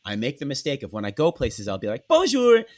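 A Canadian man chatting casually as a podcast co-host, telling animated stories with swearing and acted-out voices. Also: lowish voice, fast talker. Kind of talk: casual chat.

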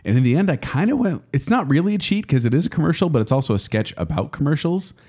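A man co-hosting a casual podcast chat, lively and acting out quotes as he retells comedy sketches. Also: on the high side, fast. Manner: animated, acts out quotes while retelling. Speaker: podcast co-host.

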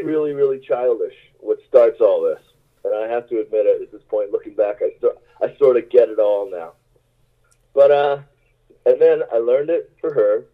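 A male musician telling rambling, self-mocking stories in a casual interview, laughing often, over a tinny phone-like line. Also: mid-range voice. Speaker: musician guest.

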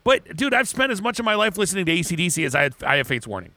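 A man co-hosting a podcast in loose, crude banter, restarting his sentences again and again. His voice is bright and forceful and swings widely in pitch. The sound is dry and close to the mic. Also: very animated, rapid-fire, dry recording. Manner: rambling, crude joking, frequent restarts. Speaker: podcast co-host. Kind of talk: casual chat.

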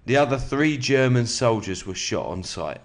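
With a touch of a sore throat, this mid-range male podcast host reads a book passage aloud evenly and deliberately. His manner stays easygoing and matey.

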